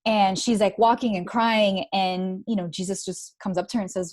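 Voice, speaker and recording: A woman's voice: medium pitch, normal speed. A woman guest in an interview, telling stories animatedly with many "like"s and "you know"s. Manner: animated storytelling, many likes and you-knows. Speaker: guest, author. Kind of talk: conversational interview.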